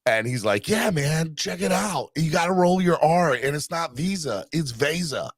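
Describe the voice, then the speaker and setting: Man, laid-back podcast host, lively pitch, dry close sound. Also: moderate pace, no room sound. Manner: laid-back, with a deep announcer voice for the ad reads. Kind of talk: casual sports podcast chat with sponsor reads.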